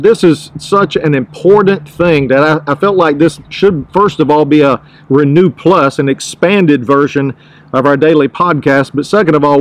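A male pastor with a somewhat high voice gives an earnest podcast devotional. He leans on his key phrases and says them again for weight, in a steady teaching manner. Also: low-quality recording.

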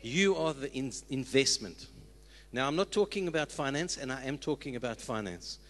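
A man's voice: medium pitch, expressive, normal speed, a bit bright. A man, a church leader, exhorting the congregation earnestly with call-and-response lines. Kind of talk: sermon. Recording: long reverb of a church hall.

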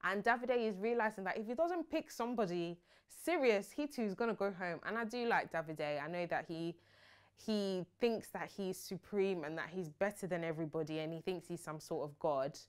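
Young woman ranting about reality tv, sassy, smooth voice, does mock voices of people. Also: lowish voice, normal speed. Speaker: reality TV reviewer. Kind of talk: casual opinionated commentary.

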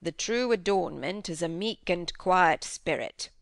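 A woman's voice: fairly low pitch, unhurried, creaky, no echo, studio quality. A woman voicing a grave, pious middle-aged male minister and farmer who speaks in an earnest, solemn, preaching cadence.

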